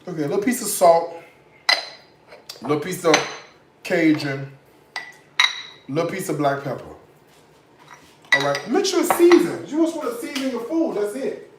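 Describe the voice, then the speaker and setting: Sassy tipsy man cooking, lively voice. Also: high voice, reverberant, background noise. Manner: sassy, profane, rants dramatically. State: tipsy from liquor. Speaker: home cook, cooking show host. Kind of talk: casual cooking tutorial. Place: home kitchen.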